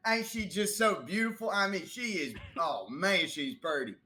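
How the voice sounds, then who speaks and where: A man's voice: high voice, expressive, normal speed, pushed and bright. A man voicing a rambling, easily distracted male car-lot clerk with a put-on drawl in a tabletop role-play game. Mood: doting. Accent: put-on regional drawl.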